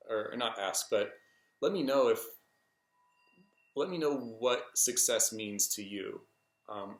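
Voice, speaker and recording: A man vlogging a personal story in a casual, hesitant way, full of ums and restarts. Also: medium pitch. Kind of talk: rambling personal story to camera. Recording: echoey room.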